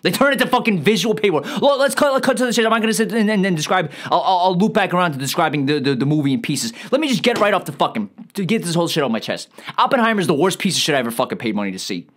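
A man tears into a film in a quick, swooping comic rant. His voice jumps high and drops low as he piles on profanity. He sounds rambling and exasperated throughout. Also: sing-song, fairly bright tone. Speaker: comedic ranting reviewer. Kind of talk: comedic movie rant.

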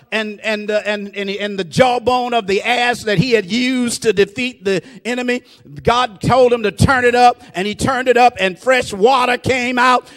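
A man preaching a fervent sermon in a strikingly high voice. He fills his lines with bursts of praise and asks the congregation to repeat after him. He climbs into shouted, rhythmic refrains. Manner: fervent, call-and-response preaching; peppers speech with "praise God".

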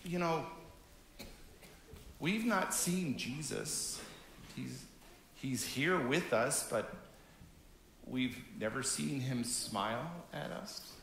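A Canadian pastor in his fifties talks warmly and plainly to the children up front, taking his time between phrases. His voice sits in a mid range and carries through an echoing sanctuary. A faint hum hangs beneath it. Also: mid-range voice, drawn-out words, creaky, pauses often. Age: 50s. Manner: gentle, conversational, talks directly to children. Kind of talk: children's message in a church service. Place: church sanctuary.

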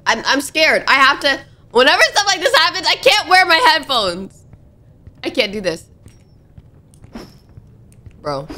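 High, bright-voiced jumpy woman gamer. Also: very animated, measured pace, long pauses. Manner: jumpy and dramatic, with frightened pleading and sudden shouts; casual slangy talk. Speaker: gaming YouTuber. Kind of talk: playing a horror game and reacting aloud.

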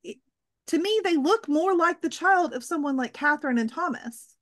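High-voiced woman musing on theories. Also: animated, moderate pace, fairly bright tone. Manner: tentative, hedging theories. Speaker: podcast co-host. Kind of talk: casual fan discussion.

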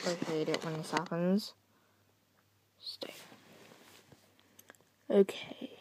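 A woman's voice: on the low side, steady tone, very slow, background noise. A young woman casually commenting on her own game play from her bed, giggling and mocking herself, sometimes dropping to a whisper. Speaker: gaming channel host.

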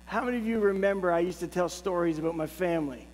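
A middle-aged man preaches from the pulpit, his voice sitting high for a man. He tells a personal story in a lively, humorous way. The sound carries a long church reverb over a faint hum. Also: fast. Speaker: pastor. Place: church sanctuary.

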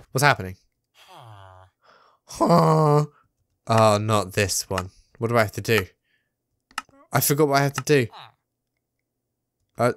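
A gamer giving excitable, self-mocking commentary on a let's play. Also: medium pitch. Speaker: gaming YouTuber.

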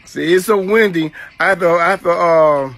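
A man talking casually to his viewers in a relaxed way, filling with "you know". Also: high voice, moderate pace. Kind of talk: casual vlog talk to viewers.

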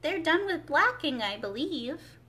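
A woman's voice: sits high, big pitch swings, unhurried, bright, forceful tone, pitched above the performer's own voice, heavily acted. A woman voicing Alice, a polite, curious young girl, in a storybook read-aloud. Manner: polite, wondering, a little timid.

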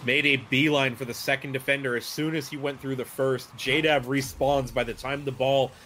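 A male esports caster giving measured, analytical play-by-play commentary. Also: mid-range voice, steady tone, sharp tone, slight background noise. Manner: measured, analytical breakdown of plays.

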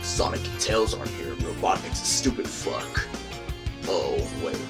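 A man's voice: fairly low pitch, animated, moderate pace, vocal fry. A man voicing a grumpy, foul-mouthed cartoon character who groans and swears with exaggerated disgust, over background music.

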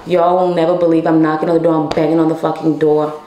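A woman's voice: sits low, little pitch movement, fast talker, reverberant, noisy background. A young woman telling a personal story to her viewers in a candid, emotional way, swearing freely and calling them y'all. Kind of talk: casual storytime.

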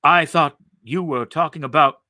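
A man voicing a timid, bewildered Martian man who speaks softly and hesitantly. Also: fairly high pitch, moderate pace, no echo, studio quality. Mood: flustered. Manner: soft, hesitant, polite.

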